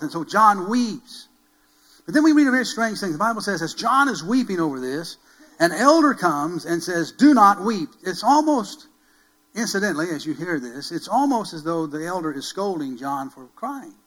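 Bright-voiced emphatic male pastor preaching. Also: high voice, poor audio. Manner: emphatic, repeats key phrases, builds to loud calls; rhetorical questions to the congregation. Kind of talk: sermon.

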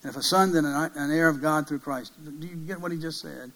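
Emphatic preacher man, slightly high voice. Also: a little fast, low-quality recording. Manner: emphatic, swings between loud peaks and hushed low passages; asks the listeners many rhetorical questions. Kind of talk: sermon.

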